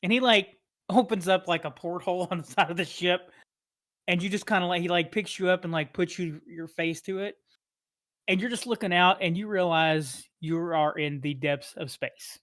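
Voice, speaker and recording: A man's voice: high-pitched, normal speed, fairly bright tone. A man narrating a tabletop game as game master, rambling with many fillers and chuckles.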